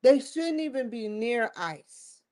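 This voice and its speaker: Lady host ranting slow and emphatic, kinda rambly, keeps repeating herself. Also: on the high side, expressive, a little mellow. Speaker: show host. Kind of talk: opinion commentary monologue.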